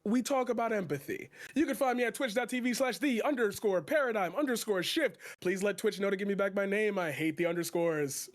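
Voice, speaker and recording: A man streamer introducing himself on a panel, showy and self-hyping, breaking into announcer-style shouts. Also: sits high, brisk, few pauses. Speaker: streamer guest. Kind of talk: casual livestream panel chat.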